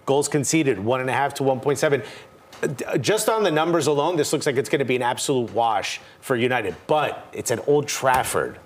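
A man's voice: mid-range voice, expressive, brisk, slight background noise. Stat-heavy male soccer pundit. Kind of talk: casual panel chat.

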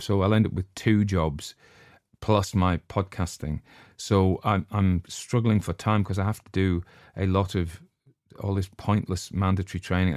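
Speaking in a low-pitched, darkish voice, this older podcast host rambles through a casual chat, hesitating often and saying um a lot. There's no room sound, just a clean studio recording.

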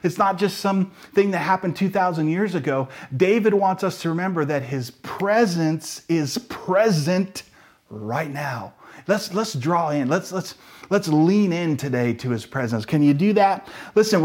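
A man's voice: high voice, lively intonation, moderate pace. A man preaching a sermon as pastor, earnest and emphatic, with frequent restarts.

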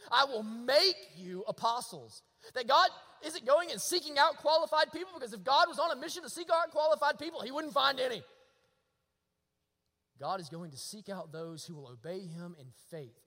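A man's voice: very high voice, brisk, pushed and bright, long reverb tail. A man preaching a sermon in a church, impassioned and repeating lines for emphasis. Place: church sanctuary.

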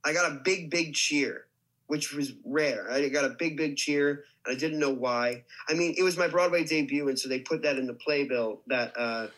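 A man's voice: on the high side, normal speed, fairly bright tone, poor audio. A young man, an actor, telling a story casually with lots of restarts and "like". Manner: rambling, many restarts and likes. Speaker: actor guest.

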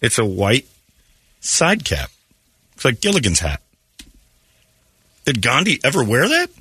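A man hosting a morning radio show, bantering casually with wry, deadpan jokes from a studio mic. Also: mid-range voice, a little slow, slightly rough. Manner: wry, deadpan joking with frequent laughs.

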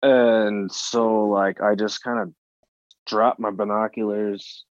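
A man with a very deep, low voice tells his story in loose, animated conversation, cursing freely and acting out what he said in the moment. The sound is dry and close, and the audio is a bit dull and muffled. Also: takes it slowly, no room sound. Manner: animated, swears freely, acts out his own reactions. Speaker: podcast guest.

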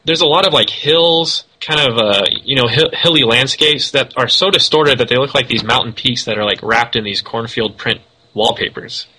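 A man co-hosting a podcast, chatting casually and critiquing an animated film in an animated, rambling way with self-corrections. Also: mid-range voice, moderate pace, few pauses, breathy edge, low-quality recording. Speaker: podcast co-host. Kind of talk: casual film review chat.

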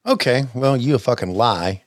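Older man, lively halting podcast chat. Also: mid-range voice, no room sound, studio quality. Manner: halting, stammering, chuckles often. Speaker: podcast host. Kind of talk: casual chat over old wrestling footage.

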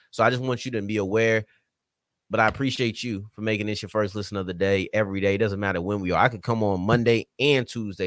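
A man's voice: lowish voice, fairly bright tone, dry recording, clean studio sound. A man hosting a solo sports podcast, talking casually and straight to his listeners, with a slight country twang at times. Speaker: podcast host.

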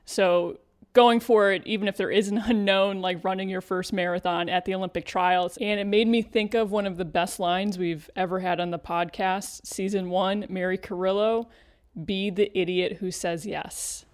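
A woman co-hosting a podcast with a measured, upbeat delivery. Her voice sits at an ordinary middle pitch, and she reads out listener questions in a casual tone. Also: steady tone, clear, resonant tone. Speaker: podcast co-host.

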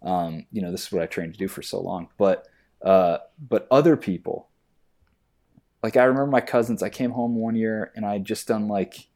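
A man's voice: on the low side, normal speed. A man, an actor, chatting casually and acting out stories in mocking voices. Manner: animated storytelling, acts out exchanges in mocking voices. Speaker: actor on a podcast. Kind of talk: casual chat.

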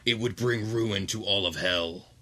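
A man voicing a towering ancient demon lord with a slow, grave, imperious delivery. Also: lowish voice, sharp tone.

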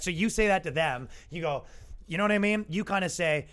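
Male comic podcast host, high-pitched, casual sarcastic rant. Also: a little fast, a bit bright. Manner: exasperated, sarcastic, acts out quoted voices.

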